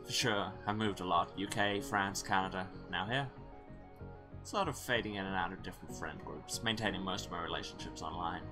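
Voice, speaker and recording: Man doing a rambling, nervy young photographer guy, lowish voice, game music under. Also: a little fast, natural voice. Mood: chatty. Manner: rambling, slightly anxious. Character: young male traveling photographer, flustered, friendly.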